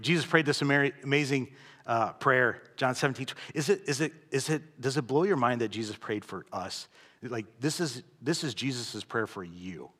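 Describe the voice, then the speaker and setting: Man preaching with "right?" tag questions. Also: husky. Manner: conversational, keeps asking "right?"; swings from loud emphatic lines to quiet low asides. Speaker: pastor. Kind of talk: sermon.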